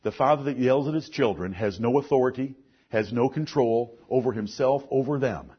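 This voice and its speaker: A middle-aged man preaching a sermon, earnest, moving between soft asides and forceful lines. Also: medium pitch, moderate pace, slightly rough, muffled recording.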